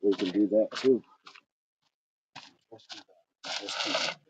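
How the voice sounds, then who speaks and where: A man's voice: lowish voice, steady tone, slow. A man hosting a fitness livestream, chatting casually and encouragingly with viewers while he walks and moves. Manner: upbeat, encouraging, greets viewers by name; walking in place while talking. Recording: noisy livestream audio.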